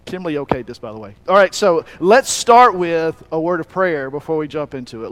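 A man's voice: on the high side, animated, fairly quick, few pauses, fairly bright tone. A man from Alabama with a Southern accent, preaching a folksy, joking sermon that rambles loosely from point to point. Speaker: pastor. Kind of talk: sermon with humor.

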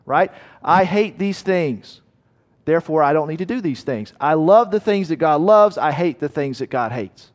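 A man's voice: a little high, expressive, normal speed, long reverb tail. A man preaching a sermon in a conversational way, asking his listeners rhetorical questions. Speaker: pastor.

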